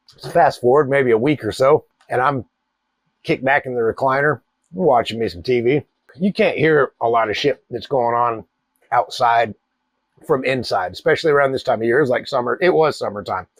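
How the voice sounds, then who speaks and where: A man, hosting a cigar channel and telling a wild story in a profane, animated way. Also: mid-range voice, fairly quick, no echo. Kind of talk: casual storytelling.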